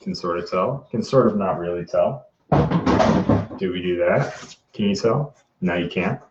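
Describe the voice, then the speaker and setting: A man hosting a prop-making livestream, chatting casually in a low-key, self-described monotone as he works. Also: measured pace, over loud music. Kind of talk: casual livestream chat while crafting. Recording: roomy, dull lo-fi sound.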